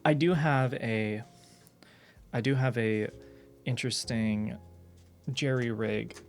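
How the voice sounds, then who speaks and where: A man's voice: mid-range voice, steady tone, slow, soft background music. A man streaming, telling a long story in casual chat, restarting his sentences and swearing as he goes. He rambles along in a loose, offhand way.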